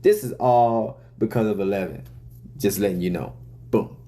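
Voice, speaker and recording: Laid back guy with a lowish mellow voice, rapper breaking down his lyrics, swears a lot, lots of you know and uh. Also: moderate pace. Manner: loose, profane, full of "you know" and "uh". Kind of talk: casual talk to camera.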